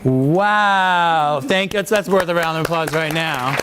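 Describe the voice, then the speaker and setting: A man presenting a public speaking workshop, enthusiastic and quick to praise the group. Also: fairly high pitch, very noisy. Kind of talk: lively workshop facilitation. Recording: echoey room with crowd murmur.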